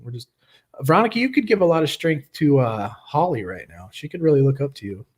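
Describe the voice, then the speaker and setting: A man's voice: on the high side, sing-song, brisk, husky. A man hosts a live online recovery meeting from his webcam. He chats casually and jokes around, laughing often as he talks. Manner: joking, chatty, laughs often. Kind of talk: casual livestream chat.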